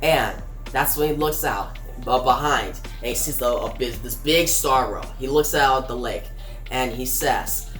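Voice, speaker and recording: A woman recapping a comic's plot in a casual, plain retelling, pausing with fillers. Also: a bass voice, a bit bright. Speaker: comic reviewer. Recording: roomy with faint music.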